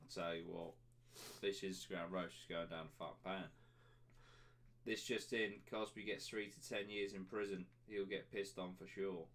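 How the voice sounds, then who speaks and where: A man's voice: low voice, fairly even intonation, moderate pace, fairly bright tone. A young man hosting a podcast, reading out chat comments in crude, jokey banter with lots of laughing. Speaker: podcast host.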